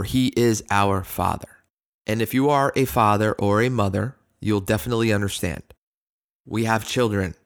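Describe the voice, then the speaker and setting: A man's voice: lowish voice, gravelly. A man co-hosting a ministry discussion, speaking in an earnest, affirming way and reading scripture aloud. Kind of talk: conversational Bible discussion.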